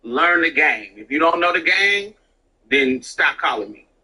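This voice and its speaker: A woman's voice: sits low, animated, unhurried, pushed and bright, husky, poor audio. Blunt, profane woman chatting on stream. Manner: blunt and profane, acts out quoted voices. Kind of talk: casual chat while gaming.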